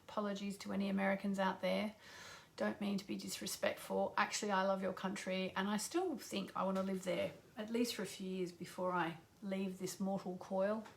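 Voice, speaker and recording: A woman's voice: medium pitch, creaky, bright, forceful tone. A middle-aged woman astrologer hosting a live stream, chatting casually, joking about herself and greeting viewers by name. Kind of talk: casual livestream chat.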